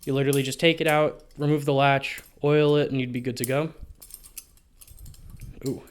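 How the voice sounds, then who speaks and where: A man's voice: medium pitch, fairly even intonation, normal speed, clean tone. A man talking through a product review in a casual vlog, rambling and offhand, with frequent swearing. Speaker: balisong reviewer.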